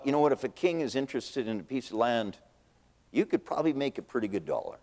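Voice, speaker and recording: A man preaching a sermon, telling a story in a folksy, animated way and acting out the scenes. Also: on the low side. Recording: long reverb in a big hall.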